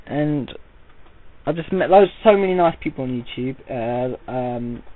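A man's voice: medium pitch, animated, measured pace, no echo. Tinny lo-fi guy ranting. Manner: rambling, works himself up into an indignant rant. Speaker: vlogger. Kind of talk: casual audio-only vlog monologue. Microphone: voice recorded without camera. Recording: tinny, phone-like lo-fi audio.

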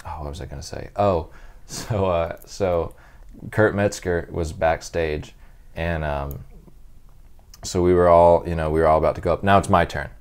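A man's voice: low voice, steady tone, moderate pace, clean tone. A man, a stand-up comic guest, telling loose, rambling anecdotes full of fillers in a casual chat.

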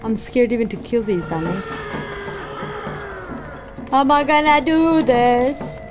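Female let's-play streamer; slow, jumpy, exclaiming; game music mixed in. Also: on the high side. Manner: jumpy, excitable, gasping and exclaiming. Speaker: gaming streamer.

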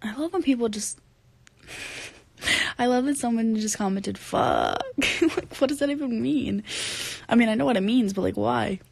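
Tired, rambling woman with vocal fry. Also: a little high, big pitch swings, a little slow, long pauses, no echo. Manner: rambling and giggly, drops into whispers at times. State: tired from no sleep. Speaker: singer livestreaming to fans. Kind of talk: casual late-night livestream chat, reading comments. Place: at home at bedtime, indoors. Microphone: phone camera held close.

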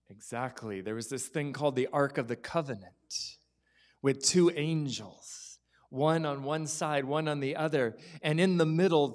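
A man preaching a sermon as pastor in a church, telling stories and dropping to whispers for effect. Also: medium pitch. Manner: storytelling, acts out quoted voices, drops to whispers.

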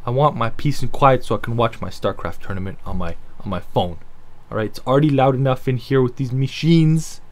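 A man's voice: mid-range voice, a little fast, a little mellow. A man telling a story-time rant, sarcastic and profane, rambling with asides.

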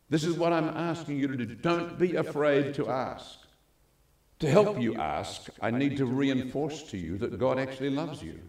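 Animated male pastor in an echoey hall. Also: mid-range voice, normal speed. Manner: animated, acts out quoted voices. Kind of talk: sermon.

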